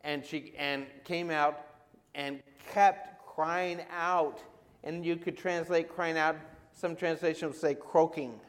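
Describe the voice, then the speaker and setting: A man's voice: on the high side, fairly even intonation, slow pace, long reverb tail. A man preaching a sermon in a conversational way, often asking his listeners questions. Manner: conversational, asks the audience questions. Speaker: pastor.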